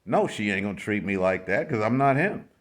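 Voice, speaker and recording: A man's voice: fairly low pitch, expressive, brisk. A man from the United States ranting in a blunt, slangy way to his vlog audience, repeating himself with exasperation. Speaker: vlogger. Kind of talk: casual ranting commentary.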